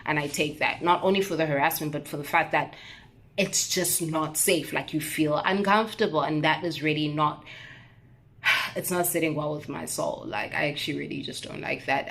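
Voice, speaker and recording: A young South African woman in her twenties talking to camera in a casual vlog, telling stories in an animated, indignant, expressive way. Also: sits low, moderate pace, slight background noise. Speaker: vlogger.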